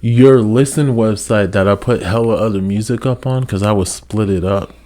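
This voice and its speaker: Young guy guest, low voice, rambling casual talk with a freestyle rap. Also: moderate pace, darkish tone. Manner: loose, rambling, swears casually. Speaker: guest rapper.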